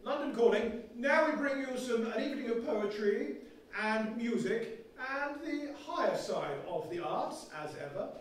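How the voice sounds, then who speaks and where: A man's voice: very high-pitched, animated, a little slow, slight background noise. A man playing an earnest, fussy 1920s radio announcer in a comic one-man stage play, with a pompous, formal manner. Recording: echoey hall, far from mic.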